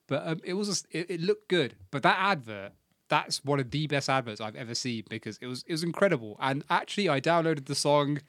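A man's voice: on the high side, expressive, a little fast, fairly bright tone, no room sound, studio quality. A young man co-hosting a podcast, chatting casually, rambling and laughing at himself. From England. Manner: giggly, rambling, self-mocking. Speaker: podcast co-host. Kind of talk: casual chat.

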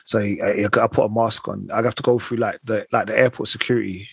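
Fast-talking man, husky. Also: on the low side, no echo. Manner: animated anecdotes full of slang and acted-out quotes. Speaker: podcast co-host. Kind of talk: casual chat, storytelling.

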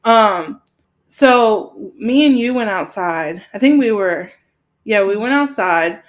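A woman's voice: medium pitch, expressive, takes it slowly. A woman podcast co-host, telling rambling stories in casual chat and giggling often.

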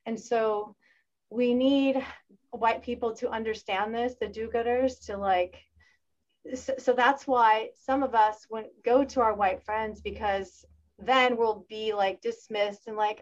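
Animated woman on muffled audio. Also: fairly high pitch, slow. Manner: animated, acts out quoted voices. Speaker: panel guest. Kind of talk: casual panel discussion.

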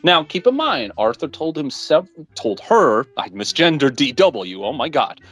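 Soft music runs behind a podcast co-host whose husky, mid-range voice moves at an unhurried pace. They animatedly retell a plot in casual conversation, slipping into mock voices and blunt swearing.

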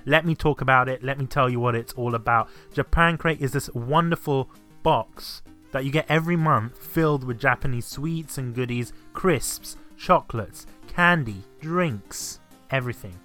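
A man with a bright, forceful voice hosts a casual podcast, talking with chatty enthusiasm. Faint music plays underneath. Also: medium pitch, normal speed. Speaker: podcast host.

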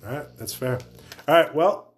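A man's voice: on the high side, moderate pace, slight background noise. A man hosting a casual podcast chat, joking and laughing through crude banter. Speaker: podcast host.

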